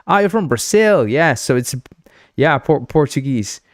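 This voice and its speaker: A young man from Uruguay, hosting a game engine livestream in a rambling, excitable chat full of fillers. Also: on the high side, a little slow, no room sound. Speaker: livestream host.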